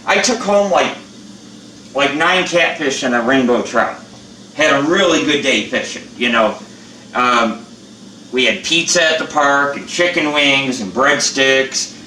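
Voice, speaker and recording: A man's voice: mid-range voice, measured pace, bright, forceful tone, reverberant, distant mic, a little hiss or hum, low-quality recording. An older man who is a channel host, chatting bluntly and rambling with plenty of swearing in a casual how-to vlog.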